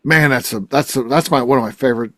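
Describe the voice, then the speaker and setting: A man's voice: mid-range voice, fast, bright, forceful tone, no echo. A man hosting a podcast, chatting casually and agreeing often with short replies. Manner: agreeable, many short affirmations. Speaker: podcast host. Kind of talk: casual chat.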